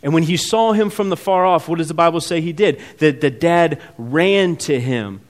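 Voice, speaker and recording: A man preaching a sermon who asks the congregation questions, swings between loud emphatic peaks and quiet asides, and acts out the characters' words as he reads. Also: on the high side, moderate pace. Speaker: pastor.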